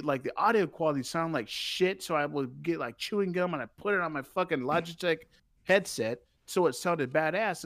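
A man telling a story on a podcast in casual, profane chat, animated and laughing as he talks. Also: on the high side, dry recording. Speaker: podcast co-host.

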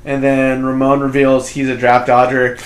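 A man in casual podcast chat, retelling a movie plot in quick bursts and acting out the characters' lines. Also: medium pitch, monotone. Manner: rambling retelling, quick bursts, acts out quotes. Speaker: podcast co-host. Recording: roomy echo.

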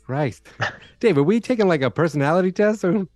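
A man's voice: high voice, animated, a little fast, a little mellow, no echo. A man co-hosting a podcast, chiming in casually about a film. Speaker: podcast co-host. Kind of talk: casual chat.

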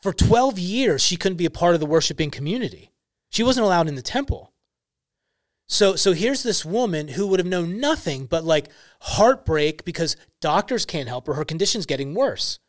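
A man's voice: sits high, big pitch swings, normal speed, no room sound. Earnest young man, dry close sound. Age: young adult. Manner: earnest, emphatic storytelling with many "like" fillers. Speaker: podcast guest, ministry founder. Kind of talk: casual faith podcast talk.

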